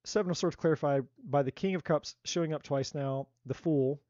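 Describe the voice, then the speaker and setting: A man giving a live tarot reading in a blunt, animated way, swearing freely and acting out what people might say. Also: on the high side, moderate pace, no echo, dull audio. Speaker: tarot reader.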